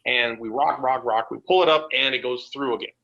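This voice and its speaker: As a podcast guest, a man tells wrestling road stories in a casual, animated way, acting out voices and swearing freely. His voice is mid-range and a little fast, and the podcast audio sounds dull and lo-fi.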